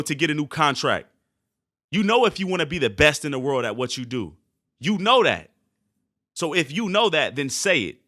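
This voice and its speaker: A man hosting a motivational podcast, talking intensely and forcefully in a preachy way that sounds almost angry. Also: a little high, no echo, clean studio sound. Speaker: podcast host and sports motivation coach. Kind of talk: motivational speech.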